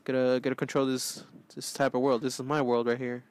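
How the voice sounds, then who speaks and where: Male host, goofy let's play commentator, excitable, prone to yelling, mid-pitched voice. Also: fairly quick. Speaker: gaming channel host.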